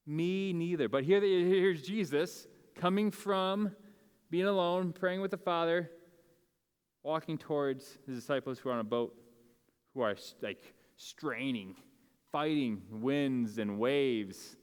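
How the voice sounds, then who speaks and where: A man's voice: a little high, slow, smooth. A man preaching a sermon to a congregation in a casual, conversational way, with many fillers and restarts. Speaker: pastor. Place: church sanctuary. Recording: long hall reverb from a church sanctuary.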